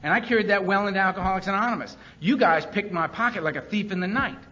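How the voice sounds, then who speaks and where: A man's voice: high-pitched, fast, sharp tone. A man speaking at a recovery meeting, telling his story in an earnest, emphatic way and often repeating lines for weight. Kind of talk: personal testimony talk. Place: meeting hall with a live audience. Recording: dull lo-fi meeting recording with faint background hiss.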